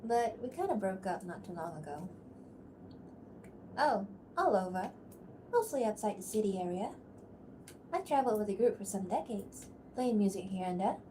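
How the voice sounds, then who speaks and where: A woman voicing a weathered older traveling musician for an animatic, in a relaxed, matter-of-fact way. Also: medium pitch, a little hiss or hum. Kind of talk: voice acting takes for an animatic.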